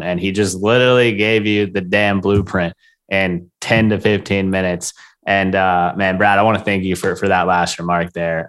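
A man hosting a podcast, excitedly praising his guest and addressing listeners. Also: sits low. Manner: excited, enthusiastic. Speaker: podcast host. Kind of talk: casual podcast chat.

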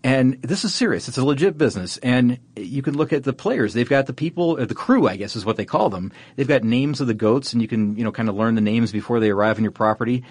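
A man's voice: medium pitch, expressive, fast, few pauses, darkish tone, husky, dry recording. A man co-hosting a podcast in casual chat, rambling and self-correcting with frequent chuckles. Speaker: podcast co-host.

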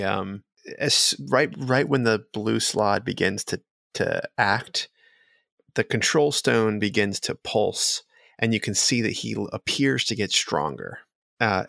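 A man narrating as game master of a tabletop game, halting and full of fillers, often laughing. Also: fairly low pitch, creaky, a bit bright, no room sound, studio quality.

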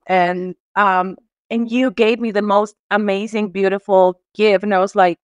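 Heartfelt woman from Mexico, smooth voice. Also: medium pitch, level tone, normal speed, dry recording, highs cut off. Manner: heartfelt, tearful, many restarts and fillers. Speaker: guest. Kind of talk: emotional conversational interview.

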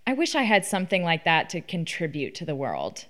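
Lively teasing young woman host. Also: on the low side, brisk. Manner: teasing, coaxing questions. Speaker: podcast host. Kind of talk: casual chat.

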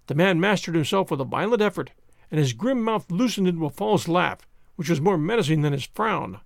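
Expressive male storybook narrator, high and lively. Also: fairly quick, gravelly, no room sound, clean studio sound. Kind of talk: scripted storybook reading.

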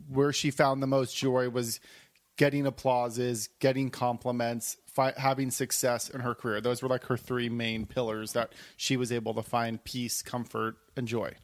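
A man co-hosting a casual podcast chat, relaxed and wry, telling stories. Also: mid-range voice, moderate pace, no echo. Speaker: podcast co-host.

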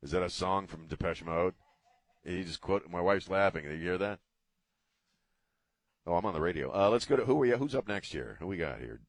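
A man's voice: deep voice, animated, moderate pace, long pauses, no room sound. A middle-aged man hosting a casual talk radio show from a studio, rambling and joking off the cuff. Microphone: studio mic.

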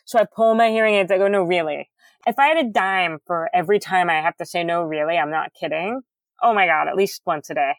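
Woman guest, middle-aged, lowish booming voice, crisp enunciation, candid chatty delivery, dry close sound. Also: brisk, no room sound. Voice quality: loud, booming, enunciates carefully. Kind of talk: casual interview chat.

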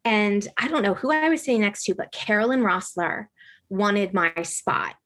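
A woman's voice: medium pitch, lively intonation, normal speed, a bit bright. A woman chatting casually and telling a story with lots of energy. She fills her talk with fillers and keeps checking in with tag questions. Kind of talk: casual conversation.

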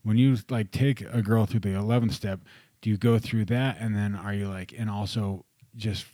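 Deep-voiced man asking rambling questions. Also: steady tone, normal speed, mellow, no room sound. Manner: rambling, filler-heavy questions. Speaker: podcast host. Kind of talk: casual interview.

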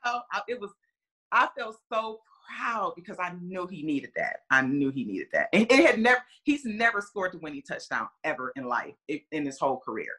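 Chatty, bright-voiced mother telling a story. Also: lowish voice, very animated, a little fast, breathy edge. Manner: chatty, lots of fillers, acts out quotes. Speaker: football player's mother, podcast guest. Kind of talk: casual storytelling.

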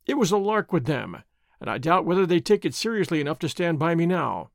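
A man's voice: on the high side, big pitch swings, fairly quick, gravelly, no echo, clean studio sound. A man voicing a dashing masked outlaw hero who talks defiantly and taunts his foes. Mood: earnest.

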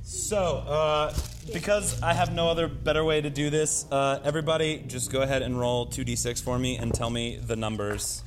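A man's voice: medium pitch, normal speed, over music. A man as game master of a live tabletop game, explaining the rules in a loose, rambling way full of fillers.

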